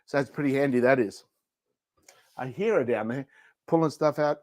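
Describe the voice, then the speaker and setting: A man's voice: mid-range voice, moderate pace, darkish tone, no echo, clean studio sound. A man hosting a casual livestream product show, chatting playfully and joking between demos. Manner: playful, jokey, rambling. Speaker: livestream shopping host. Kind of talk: casual product demo chat.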